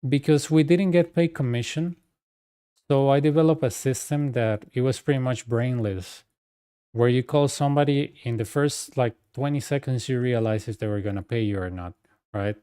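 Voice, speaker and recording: Mellow-voiced man. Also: medium pitch, moderate pace, clean tone, no echo, clean studio sound. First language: Spanish. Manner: rambling, full of fillers and asides. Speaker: game streamer. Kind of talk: casual storytelling chat.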